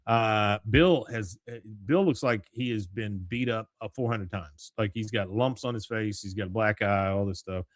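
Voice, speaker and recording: A man's voice: lowish voice, normal speed, few pauses, no room sound. A man co-hosting a podcast who animatedly retells an episode with lots of filler words. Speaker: podcast co-host. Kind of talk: episode recap.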